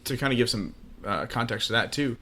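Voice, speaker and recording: A man's voice: medium pitch, brisk, pushed and bright, breathy edge. A man with a mid-range voice co-hosts a casual podcast about a film. He talks things through in an easygoing way, with plenty of "like" and "uh", drawing comparisons as he goes. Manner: explains context and draws thoughtful comparisons, with frequent fillers. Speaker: podcast co-host.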